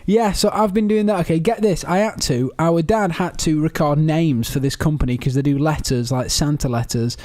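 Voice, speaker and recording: A man's voice: on the high side, darkish tone, no echo, studio quality. A young man with a joking manner, chatting casually as co-host of a podcast. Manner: joking, quick banter. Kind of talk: casual chat.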